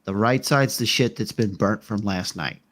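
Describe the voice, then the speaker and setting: Guy playing easygoing jail guard, folksy and rambly, lowish voice. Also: moderate pace, fairly bright tone, lightly acted. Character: friendly laid-back male jail guard.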